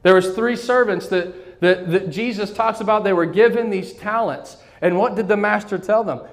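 A man preaches a sermon from the pulpit, his voice pitched high. He keeps prompting the congregation to say words back to him. The sound carries a long church-hall reverb. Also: normal speed. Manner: call-and-response preaching, asks congregation to repeat. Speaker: pastor. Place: church sanctuary.

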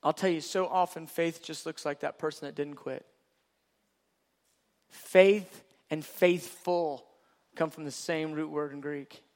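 A man's voice: on the high side, steady tone, measured pace. A man preaching a sermon in an emphatic, repetitive way, full of rhetorical questions.

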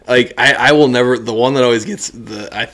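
A man's voice: medium pitch, fairly quick. A young man co-hosting a podcast, chatting casually and telling stories, laughing often. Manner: laughs often, animated storytelling. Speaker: podcast host.

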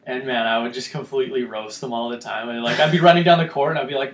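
A young man from Canada, chatting casually as a podcast co-host, animated and laughing often as he acts out quotes. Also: medium pitch, fast, hardly any pauses, roomy sound. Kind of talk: casual chat.

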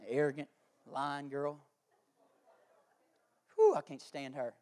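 A catty, gossiping churchgoer, as a pastor puts him on. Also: male voice, fairly high pitch, animated, slow, dark tone, voice pushed down. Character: petty churchgoer who badmouths a fellow member.

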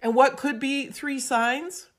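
Woman guest telling a story, lively, acts out the voices, kinda high voice. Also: slow pace. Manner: acts out quoted voices, expressive and emphatic. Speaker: podcast guest. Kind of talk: animated storytelling advice.

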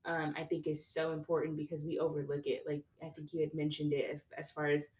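A young woman guesting on a podcast, chatting casually and telling stories in a lively way, acting out what people said with big jumps in her voice. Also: fast. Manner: animated storyteller, acts out quotes with pitch jumps. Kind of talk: casual conversation. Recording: echoey room.

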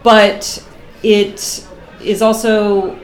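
A middle-aged woman from Boston, a guest artist chatting casually in an interview, animated and talkative, laughing often. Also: medium pitch, very slow, reverberant. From Boston, USA.

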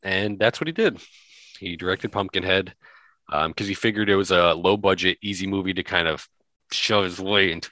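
Guy cohosting a podcast, really low voice, dry close sound, lots of ums while he rattles off titles. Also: a bit bright, no echo. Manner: rambling, lists films with many fillers. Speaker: podcast co-host. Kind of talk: casual chat.

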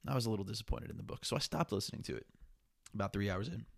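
A man's voice: fairly low pitch, animated, very fast, vocal fry, slightly rough. A young man hosting a solo podcast, talking in a rambling, profane, candid way. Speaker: podcast host. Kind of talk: casual solo podcast monologue.

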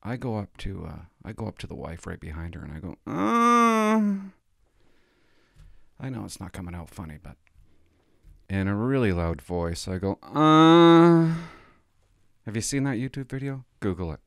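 A man's voice: sits low, a little fast, vocal fry, a little mellow, no echo, studio quality. A middle-aged man telling a rambling, self-mocking comic story to his vlog audience. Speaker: vlogger.

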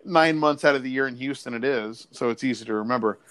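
A man's voice: medium pitch, fast, a bit bright, clear, resonant tone, dry recording. A man hosting a podcast in casual, profane, joking chat. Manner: profane, joking, laughs often. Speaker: podcast host.

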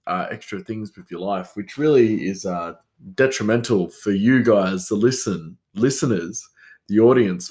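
A man in his 30s hosts a solo podcast with a fairly low, slightly mellow voice. He rambles in a self-mocking way and talks back to himself, answering his own remarks.

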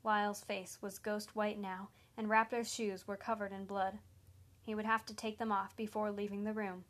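A woman narrating a story in a steady, even manner. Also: medium pitch, moderate pace.

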